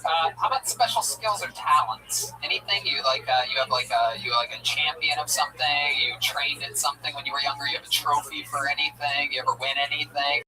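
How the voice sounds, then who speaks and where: A man's voice: fairly high pitch, fairly quick, few pauses, sharp tone. An American man hosting a comedy show, asking crude, needling questions of a guest. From United States. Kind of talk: comedy show roast interview. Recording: music, voice far from mic.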